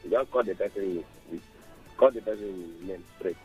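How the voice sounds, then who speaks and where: A Nigerian man calls into a radio show in a very low, husky voice. He searches for words and speaks in halting bits. Faint music plays under the call. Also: dark tone, no room sound, highs cut off. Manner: hesitant, halting. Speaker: caller. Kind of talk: phone-in call.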